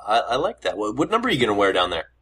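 Canadian-accented male host, chatty, sharp bright tone, stammers into questions. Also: lowish voice, huge pitch swings, very fast, slightly rough. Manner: chatty, joking, stammering restarts. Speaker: interview host. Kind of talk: casual interview.

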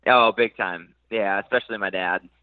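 A man's voice: fairly low pitch, moderate pace, dry recording. Hesitant man on a tinny line. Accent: faint Minnesota. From Minnesota. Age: 30s. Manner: relaxed, hesitant, many fillers and restarts. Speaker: motocross racer. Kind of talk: casual interview. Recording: dry, tinny phone-like line.

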